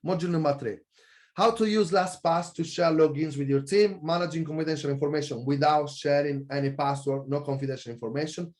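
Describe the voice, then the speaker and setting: He's an online business coach talking a little fast in an energetic, passionate pitch for his course, correcting himself often as he goes.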